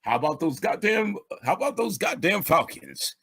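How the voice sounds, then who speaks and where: A man's voice: on the high side, big pitch swings, moderate pace, a bit bright, slightly rough, voice pushed up, exaggerated voice. A man putting on the voice of an overly polite male office worker making small talk. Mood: mock cheerful. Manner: cheery, mock-formal.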